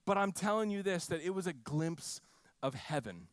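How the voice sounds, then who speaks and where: A man's voice: a little high, moderate pace, dry recording. Storytelling man preaching, dry sound. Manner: storytelling with frequent restarts and animated quoted voices. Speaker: pastor. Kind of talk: sermon.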